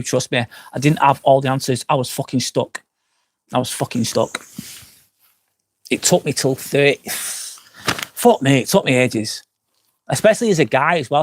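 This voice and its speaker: A man's voice: mid-range voice, normal speed, pauses often. Tipsy man slurring on a livestream. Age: 40s. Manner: rambling and frank, swears often. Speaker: live-stream host. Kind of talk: casual live-stream chat, answering comments. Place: outdoors at night by a campsite fire pit.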